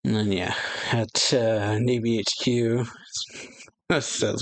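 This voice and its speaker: A man's voice: medium pitch, level tone, slow pace, dry recording, poor audio. A man hosting an anime reaction channel, reading through manga pages in a casual, rambling way with frequent chuckles and filler words.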